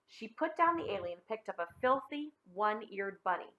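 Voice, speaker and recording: A woman reading a picture book aloud to children in an expressive, friendly way. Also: medium pitch, normal speed, hardly any pauses. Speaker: storybook reader.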